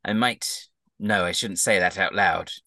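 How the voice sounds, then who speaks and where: A man voicing a boastful, excitable rabbit-folk man who talks in a loud, gleeful, showy way. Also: deep voice, unhurried, no room sound, clean studio sound, heavily acted. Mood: chummy.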